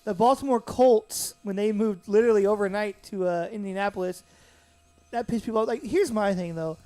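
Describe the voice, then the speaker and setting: A man's voice: sits high, a little fast, mellow, no echo. A man with a Southern US accent co-hosting a casual sports podcast, rambling and correcting himself as he talks. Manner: rambling, self-correcting, easygoing. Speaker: podcast co-host.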